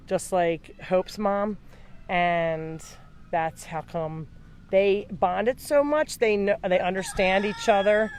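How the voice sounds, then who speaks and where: A woman's voice: mid-range voice, a little mellow. A woman running a live video from an animal sanctuary, explaining rescues in a chatty way and talking to the animals as she goes. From New Jersey. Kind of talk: casual live-stream chat.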